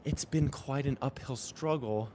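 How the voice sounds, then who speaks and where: A man's voice: medium pitch, a little slow, warm tone, a little hiss or hum. A young man talking earnestly and reflectively while riding a bike outdoors in the rain, often repeating phrases to himself. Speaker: vlogger. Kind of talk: reflective spiritual vlog.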